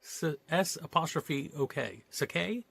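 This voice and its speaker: A man's voice: on the high side, animated, a little slow, vocal fry, a bit bright, dry recording, pitched above the performer's own voice, full character voice. A man voicing a brave, cocky teenage boy from a novel read aloud, repeating himself in a hammy, playful way. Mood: eager, reassuring.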